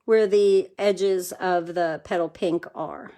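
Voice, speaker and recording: A woman's voice: lowish voice, steady tone, slow, warm tone. A woman hosting a live card-making demonstration from her craft room, chatty and enthusiastic, thanking viewers by name as she works.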